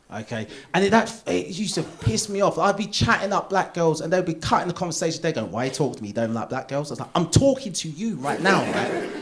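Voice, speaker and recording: Animated comedian on a theatre stage. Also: male voice. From Essex, England. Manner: animated, jumps into high put-on voices for characters. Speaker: stand-up comedian. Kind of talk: live stand-up set. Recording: live theatre recording with audience noise.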